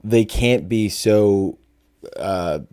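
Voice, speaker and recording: A man hosting a podcast, chatting casually with quick agreeing reactions and joking asides. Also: on the low side, dark tone, smooth. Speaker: podcast host. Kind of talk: casual chat.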